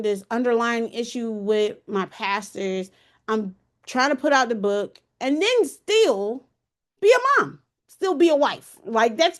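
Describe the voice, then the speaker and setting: A woman in her thirties hosting a podcast, telling a personal story in a candid, emotional, colloquial way. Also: on the high side. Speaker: podcast host.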